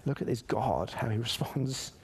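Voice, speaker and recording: Guy preaching a sermon, reads scripture, gets loud and punchy on the quotes. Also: medium pitch, moderate pace, breathy edge. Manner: animated, emphatic preaching with dramatic voiced quotes. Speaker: pastor.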